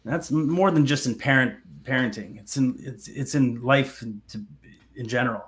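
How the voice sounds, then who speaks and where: A man's voice: mid-range voice, moderate pace. A man in his thirties hosting a podcast, telling stories in a casual chat, swearing freely and laughing as he goes. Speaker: podcast host.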